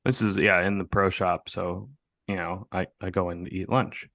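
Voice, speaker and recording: A young man on a podcast, co-hosting and swearing freely as he tells animated stories in casual chat. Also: low voice, normal speed, gravelly, no echo. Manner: profane, animated storyteller. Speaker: podcast co-host.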